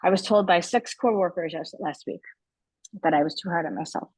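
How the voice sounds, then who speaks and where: Lower-voiced woman, halting and hesitant. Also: darkish tone, breathy edge, no room sound, rough recording. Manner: halting, repeats words as she searches for them. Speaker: teacher sharing in a group call. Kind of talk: personal sharing in a group call.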